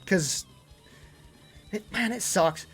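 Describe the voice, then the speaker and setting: A young man streaming live in casual chat, out of breath, rambling and worried, swinging between loud emphasis and low mutters. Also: drawn-out words. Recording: faint music behind.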